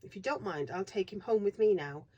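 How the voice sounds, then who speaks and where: A woman's voice: mid-range voice, fairly quick, breathy edge, highs cut off, close to an everyday voice. A woman reading aloud, voicing a composed, reassuring mother in a storybook. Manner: bright, reassuring.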